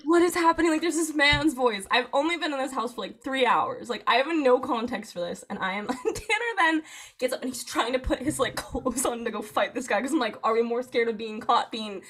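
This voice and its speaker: Young woman, high voice, casual storytelling, animated, laughing, lots of fillers. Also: fairly quick.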